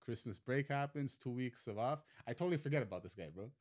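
A man telling a high-school fight story in casual podcast chat, swearing freely and acting out the quotes. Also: fast. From Montreal. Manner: swearing, animated retelling with acted quotes.

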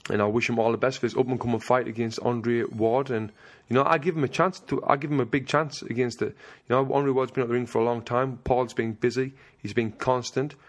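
Brief: male podcast host, mid-pitched voice, friendly matey chat. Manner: friendly and matey, says "mate" often. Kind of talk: casual interview chat.

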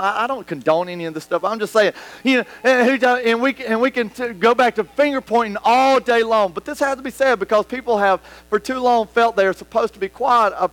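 A man's voice: extremely high pitch, fairly quick, hardly any pauses, a bit bright, dry recording, low-quality recording. A man preaching a conversational sermon in church, slipping into quoted voices and back. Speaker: pastor.

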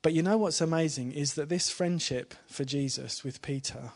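A man giving an informal church talk to a live congregation, chatty and friendly, asking the room questions and dropping to a hushed voice when he retells the story. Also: fairly high pitch, moderate pace, hardly any pauses. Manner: chatty, asks the congregation questions, with small laughs. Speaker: preacher.

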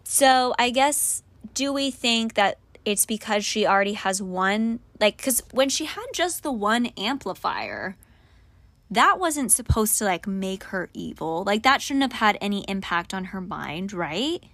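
A woman's voice: medium pitch, big pitch swings, measured pace, fairly bright tone, dry recording. Playful slangy woman on a dry mic. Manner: playful, slangy, laughs often. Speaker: podcast co-host. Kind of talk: casual chat.

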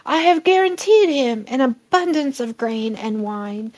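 A woman reading the lines of an aged father bestowing a blessing, in a heightened, expressive storybook reading. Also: sits high, measured pace, pitched above the performer's own voice. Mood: shaken.

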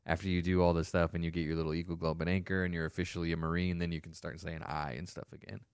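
A man in casual chat, relaxed and joking, telling stories with plenty of swearing. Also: low voice, fast talker, smooth, dry recording, studio quality.

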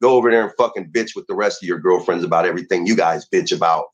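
A man's voice: sits low, fast, highs cut off. A man ranting heatedly and profanely as a guest on a talk show.

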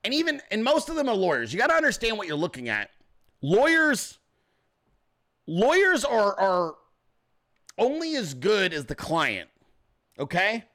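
A man's voice: high-pitched, wildly swooping pitch, a little slow, pauses often, pushed and bright. A man hosting a podcast, talking in a casual, profane, joking way and often mimicking other people. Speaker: podcast host. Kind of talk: casual political commentary.

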